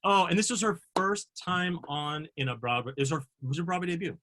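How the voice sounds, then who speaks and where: A man's voice: on the high side, a little fast, fairly bright tone. A man co-hosting a casual online chat over a video call, talking in a chatty, giggly way with many fillers. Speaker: co-host.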